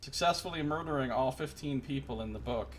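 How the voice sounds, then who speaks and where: A man's voice: mid-range voice, a little fast, slight background noise. A man streaming a video game, giving casual commentary and cracking jokes, often swearing and talking to himself as he plays. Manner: jokey, profane, talks to himself while playing. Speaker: let's play streamer. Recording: live stream with faint game music.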